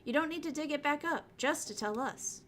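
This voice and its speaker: A woman's voice: a little fast, a bit bright. A woman voicing a spirited, loyal teenage girl while reading a visual novel aloud. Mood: earnest. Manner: earnest, reassuring, high-spirited.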